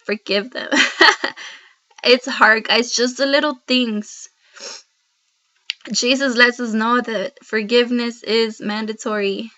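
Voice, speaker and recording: A woman's voice: on the high side, fairly even intonation, takes it slowly, long pauses, bright, forceful tone. A woman speaking to camera in an earnest devotional vlog, heartfelt and rambling, addressing viewers directly. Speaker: Christian vlogger. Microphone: laptop built-in mic. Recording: dull lo-fi laptop audio.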